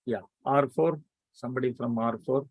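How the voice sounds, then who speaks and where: A man teaching an online math lecture, prodding students to answer quickly. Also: mid-range voice, husky, no echo. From India.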